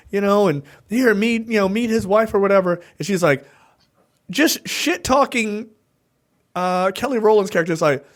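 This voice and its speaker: A man co-hosting a podcast in casual movie review chat, animated and laughing, acting out lines from the film. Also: sits high, normal speed. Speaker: podcast co-host.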